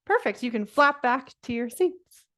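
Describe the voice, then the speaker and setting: A woman's voice: high voice, lively intonation, normal speed, fairly bright tone. Upbeat woman presenting to children. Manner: upbeat, encouraging, with laughs and fillers. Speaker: nature presenter for kids. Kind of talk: online children's nature presentation.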